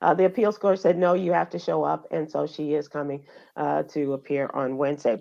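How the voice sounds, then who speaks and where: A woman with a low voice hosts a radio show and runs through the headlines in an easy, conversational way. She talks with plenty of fillers and restarts, and the audio sounds a little muffled. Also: flat delivery, fairly quick, vocal fry, warm tone. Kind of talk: casual news chat.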